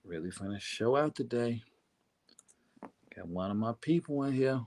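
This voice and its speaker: A man's voice: medium pitch, expressive, moderate pace, a little mellow, slight background noise. A man hosting a podcast in a casual chat style, hyping up his audience and calling on listeners again and again to join in. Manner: hyped, repeats calls to the audience to come on in. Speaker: podcast host.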